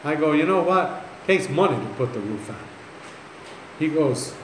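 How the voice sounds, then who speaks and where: A man's voice: fairly high pitch, expressive, normal speed, background noise. A man telling stories as a pastor in a sermon, folksy and joking, laughing at his own stories. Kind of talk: sermon storytelling. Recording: echoey room, faint ambience.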